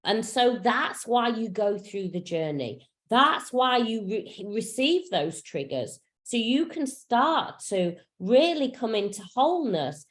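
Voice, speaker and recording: A woman's voice: fairly high pitch, very animated, takes it slowly, hardly any pauses. A woman spiritual coach teaching in a casual, frank way, full of fillers and the odd swear word, over a video call. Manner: frank and chatty, swears freely, many fillers.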